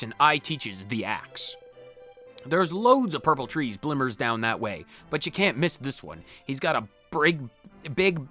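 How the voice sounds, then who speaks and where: A man doing a rough axe teacher. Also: on the high side, sharp tone. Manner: folksy, dropped grammar, rambling.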